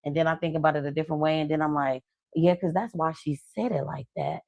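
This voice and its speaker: Love coach woman, low voice, dry. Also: fast, gravelly, no echo. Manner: animated storytelling, acts out quoted people; slangy, conversational. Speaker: love coach and podcast host. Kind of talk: casual podcast chat.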